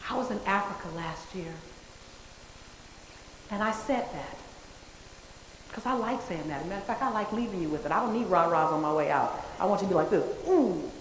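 A woman's voice: fairly low pitch, animated, brisk, pauses often, slight background noise. A woman giving a motivational speech to an audience, emphatic and repeating her key phrases for effect. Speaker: motivational speaker. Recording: echoey hall with long reverb.

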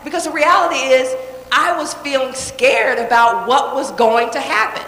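A woman's voice: on the high side, lively intonation, normal speed, sharp tone. A woman giving a motivational talk to a live audience, direct and emphatic, repeating key phrases and checking in with the crowd. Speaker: motivational speaker. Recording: echoey hall with long reverb.

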